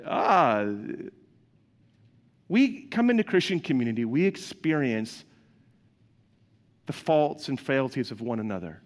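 A man's voice: mid-range voice, big pitch swings, unhurried, pauses often, long reverb tail. A man delivering a sermon as pastor, in a conversational way, acting out quoted voices and asking the congregation questions.

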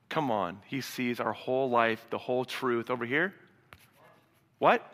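A man preaching a sermon to a live congregation, animated, acting out dialogue and swinging from loud to hushed. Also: on the high side, a little slow. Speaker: pastor. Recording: reverberant hall sound.

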